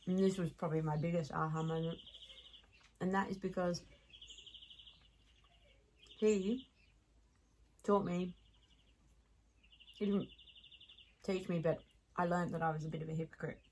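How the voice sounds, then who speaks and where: A woman with an Australian accent, a podcast guest telling stories in casual chat, animated, laughing often and restarting sentences. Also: fairly low pitch, measured pace, long pauses, poor audio.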